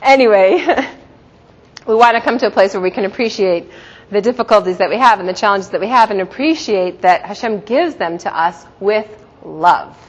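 A middle-aged woman giving a religious teaching talk to a group, telling stories warmly and laughing often. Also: medium pitch, moderate pace, breathy edge. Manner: warm, storytelling, laughs often. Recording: dull sound in a reverberant hall.

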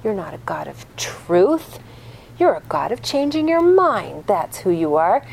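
A woman's voice: mid-range voice, big pitch swings, measured pace, vocal fry, darkish tone, husky, full character voice. A woman voicing an angry male prophet, accusing God in an indignant tirade.

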